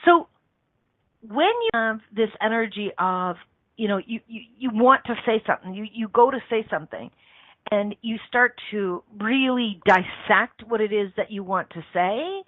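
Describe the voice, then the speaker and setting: A woman's voice: mid-range voice, expressive, normal speed, dry recording. A woman hosting a motivational radio show, talking earnestly in a coaching manner and repeating phrases for emphasis. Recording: dry, tinny phone-line sound.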